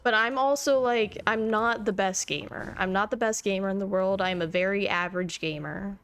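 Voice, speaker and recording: A young woman live-streaming a game, talking to her chat with excited, emotional energy and frequent laughter. Her pitch sits in an ordinary middle range, and faint music plays under her voice. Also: normal speed, clear, resonant tone.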